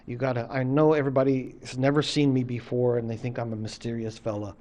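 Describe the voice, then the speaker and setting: A man telling a story and speaking as a mysterious enchanted husband, low and hushed, earnestly asking his wife never to turn away in anger. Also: little pitch movement, quick pace, natural voice. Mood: solemn.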